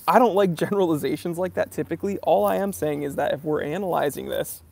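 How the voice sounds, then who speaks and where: A man's voice: on the high side, gravelly. A young man hosting a livestream, ranting casually and mimicking commenters in mocking voices. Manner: animated, mocking impressions of commenters. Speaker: live stream host.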